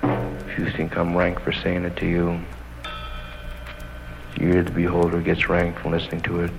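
A man's voice: sits low, monotone, moderate pace, gravelly. A man performing a stand-up comedy routine in a repetitive, mocking, escalating manner. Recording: dull lo-fi archive recording with music.

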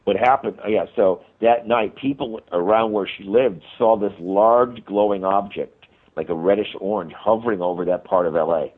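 Man with a deep husky voice on a tinny phone line. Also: normal speed, few pauses. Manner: rambling, frequent restarts, animated retelling. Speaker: guest, paranormal investigator and author. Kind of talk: radio interview storytelling.

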